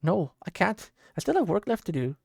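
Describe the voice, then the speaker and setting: A man voicing a gruff, protective old blacksmith who talks brusquely and urgently. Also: sits high, big pitch swings, a little fast, dry recording, pitched above the performer's own voice, full character voice. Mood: gruffly tender.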